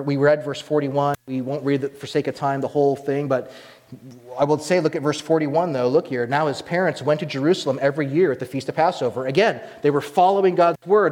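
A man preaching a sermon as pastor, animated and acting out the voices he quotes. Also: a little high, long reverb tail.

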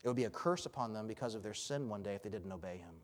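A man's voice: on the low side, expressive, rapid-fire, big-room sound. A man preaching an expository sermon as pastor, earnest and emphatic.

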